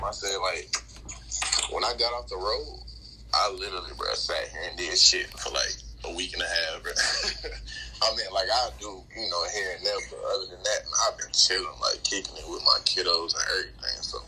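A man's voice: low voice, noisy background. A man joining a live audio chat as a guest, talking in a laid-back, reassuring way. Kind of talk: casual chat.

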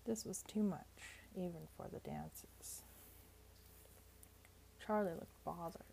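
Gravelly-voiced woman reading a novel. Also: fairly low pitch, huge pitch swings, slow, long pauses, warm tone, slight background noise, low-quality recording. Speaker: narrator. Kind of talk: audiobook narration.

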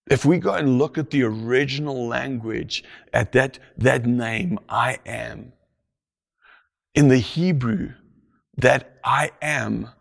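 Male preacher, husky, unhurried delivery, hushes down for emphasis. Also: medium pitch. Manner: slow, deliberate, drops to a hush for emphasis. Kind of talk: sermon.

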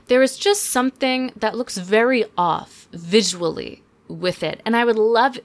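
A young woman hosting a podcast, chatting casually and sarcastically about a movie with quick asides. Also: medium pitch. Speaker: podcast host. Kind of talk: casual chat, movie review.

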